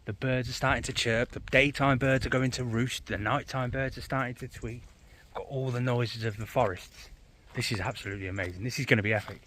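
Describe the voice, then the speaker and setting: A man, chatting excitably to a handheld camera while vlogging outdoors in a forest at night. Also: mid-range voice, fairly quick, slight background noise. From England. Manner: excitable, chatty, laughs often. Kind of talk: casual vlog narration.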